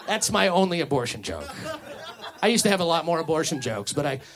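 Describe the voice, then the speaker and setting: A man delivering a stand-up set of one-liners in a dry, deadpan way. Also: on the high side, brisk, a crowd in the background. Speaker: stand-up comedian.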